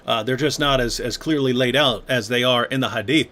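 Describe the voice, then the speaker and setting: A man hosting a live online conversation, reading viewer questions and retelling stories with lively quoted voices. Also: mid-range voice, fairly quick. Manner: animated, acts out quoted voices. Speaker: host.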